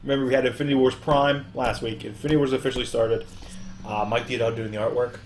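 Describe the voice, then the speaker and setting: A man's voice: mid-range voice, fairly even intonation, fast talker, a little hiss or hum. A young man hosting a podcast in casual chat, recapping at length with many fillers. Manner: rambling recap full of fillers. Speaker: podcast host.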